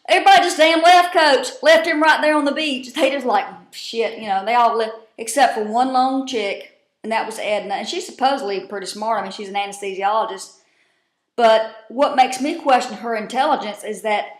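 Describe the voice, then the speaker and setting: A woman's voice: mid-range voice, roomy sound. A woman casually recapping a TV episode, salty and profane, with drawling asides, at home. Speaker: vlogger recapping a TV show.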